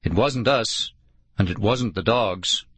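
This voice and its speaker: Grim, wary male musher for an audiobook, voiced by a male reader; low, slow, insistent. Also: fairly bright tone, breathy edge, no room sound, exaggerated voice. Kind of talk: audiobook character voice.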